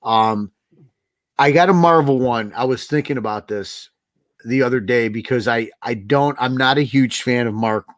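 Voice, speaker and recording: A man's voice: mid-range voice, normal speed, no room sound, clean studio sound. A man co-hosting a casual livestream chat, talking loosely and repeating himself as he thinks. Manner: relaxed, rambling, repeats words. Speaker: co-host.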